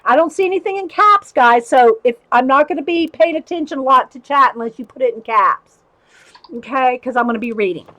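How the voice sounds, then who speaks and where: Woman, high-pitched, chatty livestream host, dry close sound. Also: fairly quick, fairly bright tone, no room sound, low-quality recording. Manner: chatty, laughs often, greets chat viewers. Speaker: livestream host reading letters. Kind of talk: casual livestream chat and reading aloud.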